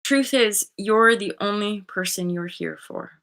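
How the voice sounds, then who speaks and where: A woman with a bright, forceful voice talks through spiritual ideas in an unscripted monologue. She rambles and circles back, leaning on "like" and dropping the odd curse word. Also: mid-range voice, unhurried. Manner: rambling, loose, sprinkled with "like" and swearing. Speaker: spiritual coach and channel host.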